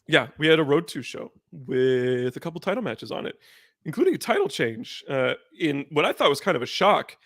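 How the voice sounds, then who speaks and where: A man runs a casual podcast chat, rambling through his points with plenty of fillers and restarts. His voice has a gravelly grain. The sound is dry, with no room around it. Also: on the high side, sing-song, moderate pace, a bit bright, no echo. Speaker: podcast host.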